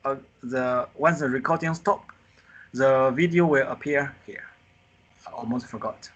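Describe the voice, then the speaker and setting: Man, Mandarin teacher, bright tone, husky, slow, animated sighs, non-native English, video call mic. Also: mid-range voice, highs cut off. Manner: animated, drawn-out sighs acting out the four tones. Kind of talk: live online group lesson. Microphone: computer mic on a video call.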